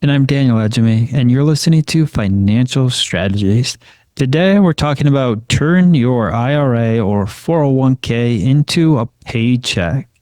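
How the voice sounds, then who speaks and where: A man's voice: mid-range voice, lively intonation, normal speed, a little mellow, dry recording. A man co-hosting a finance podcast, talking confidently and often checking in with "right?". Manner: confident, tags questions with "right?". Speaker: podcast co-host, financial advisor. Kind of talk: casual explanatory talk.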